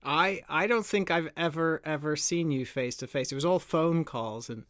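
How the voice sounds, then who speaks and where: Halting American man on a video call. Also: a little high, fairly bright tone, no echo, studio quality. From United States. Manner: thoughtful, halting, many restarts. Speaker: author guest. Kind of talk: casual conversation over video call.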